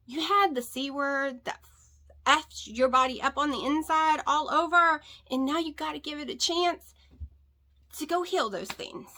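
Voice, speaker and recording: A woman with a country American twang talks to her camera at home in a casual vlog. Her voice sits a little high and has a bright, forceful edge. She is candid and blunt, and she repeats herself for emphasis. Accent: rural American country. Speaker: keto weight-loss vlogger. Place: at home, indoors. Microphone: camera on a tripod with a light.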